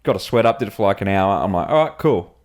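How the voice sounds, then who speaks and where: An animated, fast-talking Australian co-host with a lowish, darkish voice trades casual stories on a podcast. Swearing and laughter run all through his telling.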